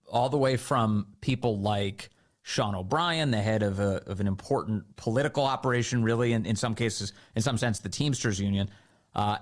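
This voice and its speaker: A man hosting a talk radio show, giving animated, indignant commentary and acting out mocking quotes. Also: medium pitch.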